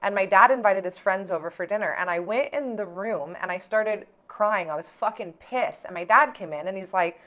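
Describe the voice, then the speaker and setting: A woman's voice: mid-range voice, normal speed, hardly any pauses, fairly bright tone. Chatty young woman, filler-heavy vlog talk. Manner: chatty, heavy use of "like", swears freely. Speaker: vlogger. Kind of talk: casual personal storytelling.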